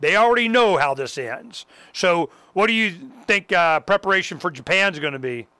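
A man hosting a casual talk show, ranting in an animated, profane way. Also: sits high, normal speed, clear, resonant tone, no room sound. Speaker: host. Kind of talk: casual chat.

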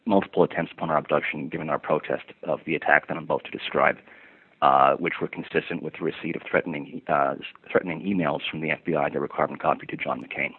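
A man's voice: very deep voice, fairly even intonation, fast talker, breathy edge. A man giving a long personal account of an incident, in formal wordy phrasing with frequent ums and restarts. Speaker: passenger recounting an incident. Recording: tinny lo-fi phone-like recording.

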